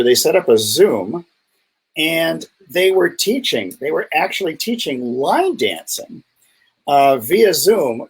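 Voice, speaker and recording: A man's voice: breathy edge, poor audio. A man co-hosting a casual live health chat over a video call, playful and teasing. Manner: playful, teasing, jumps high in pitch when joking. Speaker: co-host, doctor.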